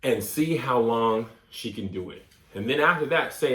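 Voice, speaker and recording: A man hosting a comedic advice show, reading listener letters aloud and reacting in a mock-serious, animated way. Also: mid-range voice, slow pace, long pauses, echoey room. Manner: animated, mock-serious, coughing fits as a bit.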